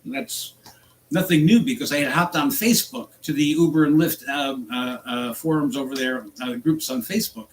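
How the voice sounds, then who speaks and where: An angry man from the United States ranting in a vlog about his work as a rideshare driver, exasperated and jumping in pitch. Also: lively intonation, moderate pace, a little hiss or hum, low-quality recording. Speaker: rideshare driver and channel host.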